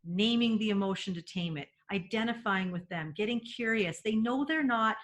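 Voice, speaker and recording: A woman's voice: mid-range voice, normal speed. A woman, a mother, explaining parenting steps on a video call in a chatty way, often correcting herself mid-sentence. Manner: chatty, self-correcting, many fillers. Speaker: parent guest. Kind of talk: casual webinar chat.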